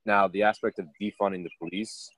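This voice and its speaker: A man's voice: lowish voice, steady tone, fairly quick, a bit bright, no room sound. A man co-hosting a podcast, thoughtful in casual discussion, with stammering restarts. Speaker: podcast co-host.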